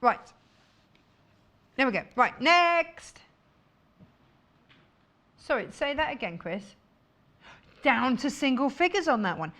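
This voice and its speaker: A woman's voice: high-pitched, sing-song, measured pace, long pauses, a bit bright. A woman presenting fabrics on a live shopping channel, chatty and jokey, laughing often.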